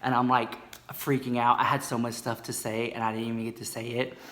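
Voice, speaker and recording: A man spilling beauty-world gossip in a campy, theatrical way. His voice is bright and forceful, and he keeps calling the listener "girl.". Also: mid-range voice, level tone, brisk. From United States. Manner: sassy, dramatic, calls viewers "girl" constantly. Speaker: comedy vlogger.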